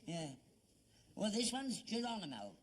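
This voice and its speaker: A man's voice: high-pitched, wildly swooping pitch, unhurried, background noise, exaggerated voice. An older man with a London Cockney accent, acting an elderly father in a sitcom, earnest and stubbornly defensive. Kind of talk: 1970s British sitcom acting.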